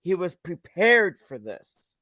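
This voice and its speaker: A man co-hosting an online show, narrating a wrestling storyline casually and reacting with animated comments. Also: sits high, slow, no room sound. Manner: animated, reacts loudly to the action. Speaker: co-host.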